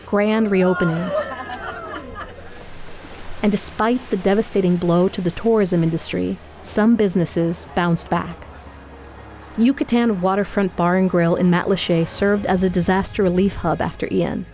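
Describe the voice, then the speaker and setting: A woman giving measured, scripted documentary narration. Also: lowish voice, soft background music. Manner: measured, even delivery.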